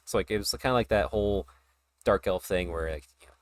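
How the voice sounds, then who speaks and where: A man hosting a casual hobby podcast, talking in an excited, rambling way and laughing often. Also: deep voice, fairly quick, a little hiss or hum. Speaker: podcast host.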